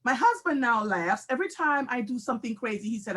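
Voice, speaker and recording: A woman in her forties hosting a live talk show, telling a candid, animated personal story with frequent laughter. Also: on the high side, quick pace. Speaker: host.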